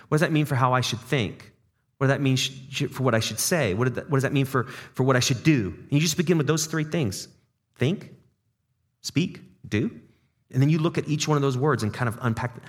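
In a church service, a pastor with a mid-range voice preaches a sermon to his congregation. His style is conversational: he questions the room, repeats words while thinking aloud, and slips in jokey dad-joke asides.

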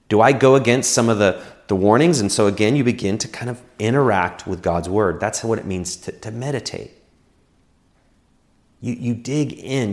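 Earnest man preaching a sermon. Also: mid-range voice. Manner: earnest, encouraging, repeats words as he speaks. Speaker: pastor. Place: church.

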